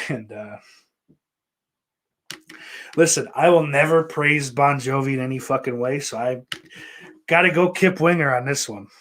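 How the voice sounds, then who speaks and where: A man's voice: mid-range voice, unhurried, pauses often, a bit bright. Rambling, swearing podcast host man. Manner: rambling, swears often, many fillers and restarts. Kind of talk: casual chat answering viewer questions.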